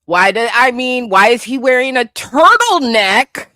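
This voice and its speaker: A woman hosting comedic pop-culture commentary, animated and incredulous, swearing freely and breaking into laughter. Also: fairly high pitch, unhurried, no room sound, clean studio sound. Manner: animated, incredulous, bursts of laughter, profane asides. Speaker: host.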